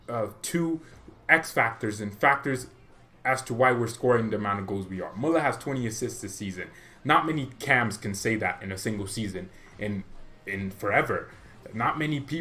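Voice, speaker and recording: A young man talks through a football match in a casual reaction vlog. He is animated and opinionated, jumping between thoughts with quick restarts. His voice sits at an ordinary male pitch. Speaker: football fan channel host.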